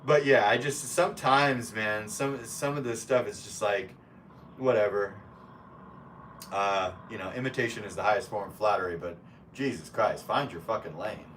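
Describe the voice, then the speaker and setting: A man's voice: lowish voice, normal speed, a bit bright, far from the mic, a little hiss or hum. A man live streaming in a casual way, reading chat comments aloud and talking bluntly with plenty of swearing and rambling asides.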